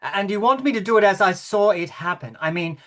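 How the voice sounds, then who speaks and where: An actor in rehearsal over a video call plays a fragile, fussy older king, hesitant and apologetic with little stammers. His voice sits high, fairly quick and a bit bright.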